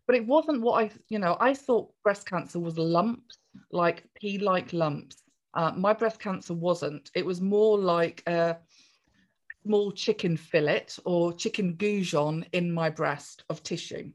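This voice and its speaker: A woman, a podcast guest chatting through a personal story in a jolly, animated way. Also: on the low side, slow. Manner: chatty, jolly, acts out voices in quoted speech.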